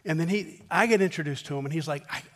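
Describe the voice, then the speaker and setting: A middle-aged male pastor with a notably high voice, preaching through a personal story. He talks in a relaxed, conversational way and drives his points home with rhythmic repetition. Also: quick pace. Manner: anecdotal and emphatic, with rhythmic repetition.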